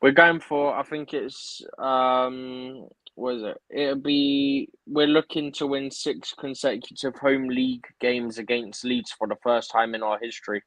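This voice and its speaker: A man co-hosts a casual live stream in an easygoing, hedging way. His voice sits at a middle pitch, and the sound is dry and close. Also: fairly even intonation, unhurried, fairly bright tone, no room sound, poor audio. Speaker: co-host.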